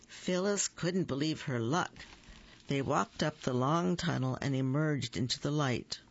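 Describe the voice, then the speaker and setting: Slow gravelly man reading a children's story. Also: on the high side, lo-fi sound. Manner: slow, gentle storytelling with small slips. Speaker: reader.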